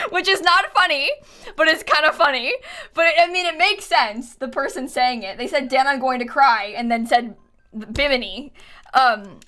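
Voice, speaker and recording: A woman's voice: high-pitched, sing-song, measured pace, long pauses, sharp tone. A young woman streaming live, chatting casually, giggling often and reading her chat aloud with plenty of fillers.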